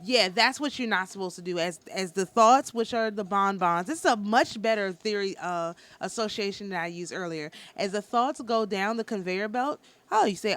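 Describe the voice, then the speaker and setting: A woman giving a casual spiritual talk as a teacher, speaking in a calm, nonchalant, matter-of-fact way with a passionate undertone and frequent restarts. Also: medium pitch, normal speed. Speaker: spiritual teacher and tarot reader.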